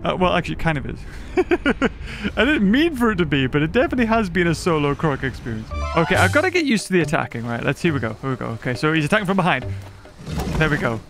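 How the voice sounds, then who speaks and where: A man chats his way through a survival game, talking to the little creatures he meets. His voice sits high and swings widely between notes. Game music plays clearly behind him. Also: big pitch swings, fast. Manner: chatty, giggly, talks to the creatures on screen. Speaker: gaming YouTuber. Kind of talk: casual gameplay commentary.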